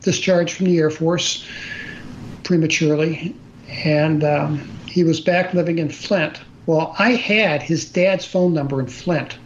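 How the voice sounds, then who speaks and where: An older man with a fairly high pitch tells a personal story unhurriedly in conversation as a guest storyteller, plain and earnest, often restarting and using fillers. Faint noise sits in the slightly dull recording.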